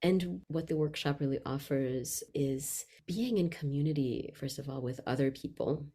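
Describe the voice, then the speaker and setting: Low-voiced woman voice teacher chatting in an interview, really expressive, goes soft then loud. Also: moderate pace, husky. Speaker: vocalist and voice workshop leader. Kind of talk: reflective interview conversation.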